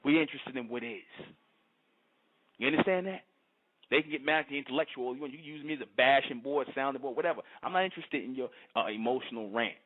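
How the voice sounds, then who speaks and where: A man's voice: medium pitch, fast talker. A man in a fervent monologue, emphatic and repetitive, often asking if the listener understands. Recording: tinny phone-like sound.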